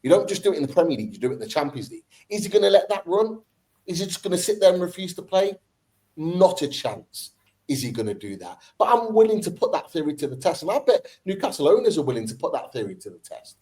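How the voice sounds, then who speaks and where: A man's voice: a little high, sing-song, quick pace, mellow, low-quality recording. A man hosting a football fan podcast, debating with passion and repeating his points for emphasis.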